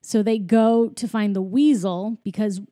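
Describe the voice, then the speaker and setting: A woman's voice: medium pitch, fairly even intonation, measured pace, warm tone, dry recording. Woman gabbing about a movie, lots of likes and you knows, giggly, dry room. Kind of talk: casual movie recap chat.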